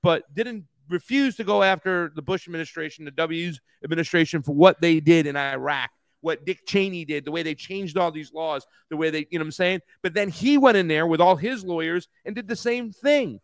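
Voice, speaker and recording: A man's voice: a little high, a little fast, hardly any pauses, dry recording. A man co-hosting a casual political talk show, ranting heatedly with lots of profanity. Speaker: co-host.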